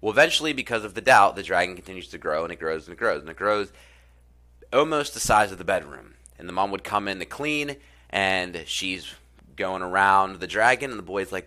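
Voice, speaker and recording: Bright-voiced earnest man on self-improvement. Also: low-pitched, lively intonation, brisk. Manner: earnest, repeats phrases, frequent fillers. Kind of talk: casual spoken talk and storytelling.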